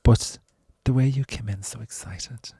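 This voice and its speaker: A man's voice: mid-range voice, measured pace, mellow, husky, no room sound, clean studio sound. A man co-hosting a podcast, chatting in a playful, cheeky way. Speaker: podcast co-host, comedian. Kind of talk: casual chat.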